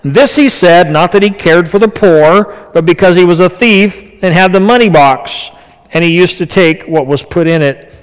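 Male pastor, conversational sermon, fairly high voice, long hall reverb, swings from soft asides to emphatic peaks. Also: normal speed, clear, resonant tone.

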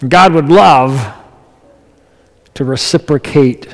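A man's voice: mid-range voice, slow pace. Man preaching in a reverberant hall. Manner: conversational preaching, swings from quiet to emphatic. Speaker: pastor. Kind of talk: sermon.

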